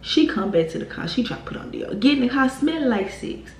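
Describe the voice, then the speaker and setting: A woman's voice: high voice, quick pace. A young woman, heatedly telling a storytime on her channel. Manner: animated, heated retelling with profanity and laughs. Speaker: YouTube storyteller. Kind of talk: casual storytime vlog. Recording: echoey room with faint noise.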